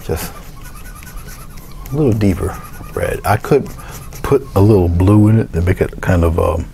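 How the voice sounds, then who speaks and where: A man with a low, gravelly voice gives a casual painting tutorial. He talks through each step in a relaxed way as he works, often half to himself. A faint hiss of noise sits behind him. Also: moderate pace. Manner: relaxed, talks to himself while working, thinks aloud. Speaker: painting instructor.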